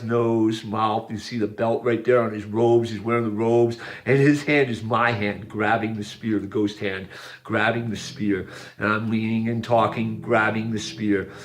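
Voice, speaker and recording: A man narrating over a series of images, pointing out details one by one in an earnest, repetitive way. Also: fairly low pitch. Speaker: video narrator.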